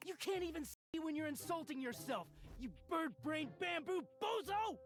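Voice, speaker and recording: A man's voice: very high-pitched, animated, moderate pace, music in the background. An actor playing a jealous, bickering male object lover in a dating game, with a whiny, petulant delivery.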